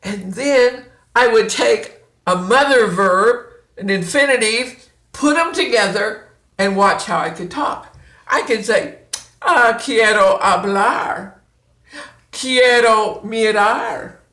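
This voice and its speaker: A woman teaching a beginners' language lesson in a patient, deliberate way, drawing out sounds to demonstrate them. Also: fairly high pitch, animated, fairly bright tone. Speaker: Spanish teacher. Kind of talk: slow, patient classroom instruction. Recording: echoey room.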